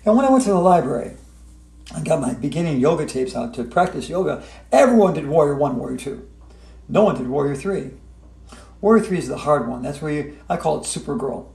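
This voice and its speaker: Man, high gravelly voice, whimsical yoga teacher, gently encouraging, roomy echo. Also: lively intonation, fairly quick. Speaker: yoga instructor. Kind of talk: playful yoga tutorial. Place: hotel room.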